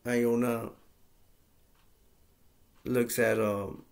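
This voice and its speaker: A man's voice: medium pitch, flat delivery, very slow, creaky. A man casually recapping a movie plot in a rambling, plain-spoken way with lots of fillers. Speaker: movie reviewer.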